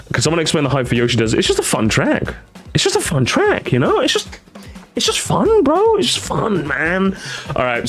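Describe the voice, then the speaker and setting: This young live streamer keeps things loose and playful, full of energy, and every so often his voice leaps up into squeaky, high-pitched outbursts.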